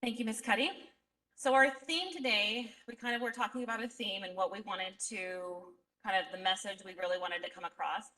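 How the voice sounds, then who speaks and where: Woman teacher chatting at a graduation, bright voice, far from the mic. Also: mid-range voice, steady tone, a little fast. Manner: chatty, informal, with fillers. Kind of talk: ceremony remarks.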